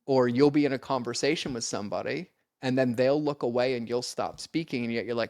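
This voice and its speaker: A man speaking as a podcast guest in an earnest, conversational way. He acts out exchanges with bursts of energy, and his voice sits at a middling pitch. The sound is dry and close, with no room around it. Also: a little fast, no echo. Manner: earnest, animated when acting out exchanges. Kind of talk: casual conversation.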